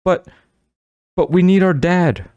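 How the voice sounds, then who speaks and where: A man's voice: mid-range voice, sing-song, normal speed, vocal fry, a little mellow, no echo, highs cut off, pitched above the performer's own voice. A man voicing a demanding, worried young girl in an audiobook. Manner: demanding, stammering. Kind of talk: audiobook character voice.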